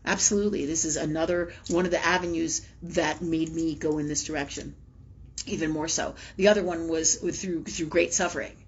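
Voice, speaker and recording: A chatty woman talks candidly through a spiritual livestream, her voice husky and a little breathy. She drops curse words, checks in with "right?" and slips into laughter. The audio is dull and lo-fi, like a livestream mic. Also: sits low, fairly even intonation, a little fast. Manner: candid and chatty, swears freely, many "right?" tags; laughs often, acts out her own past words. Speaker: host of a spiritual live talk show. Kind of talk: casual spiritual talk.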